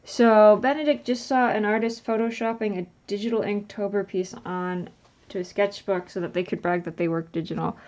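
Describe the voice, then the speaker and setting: A tired woman livestreaming as she inks a drawing, chatting in a rambling, relaxed way with lots of filler words. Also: medium pitch, normal speed. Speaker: livestreaming artist. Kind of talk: casual chat while inking a drawing. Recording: dull lo-fi sound.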